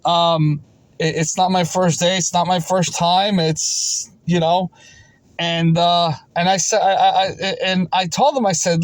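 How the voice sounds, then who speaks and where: Speaking at a measured pace in a high, flat voice, a man who runs a vending route complains insistently to camera, saying things over and over and tripping on repeated restarts. The audio is poor and has no room sound.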